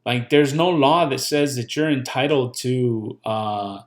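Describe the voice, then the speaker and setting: Man, mid pitch, casual, blunt, joking, swears, repeats points. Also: unhurried. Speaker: channel host giving legal pointers. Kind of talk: casual explainer with commentary.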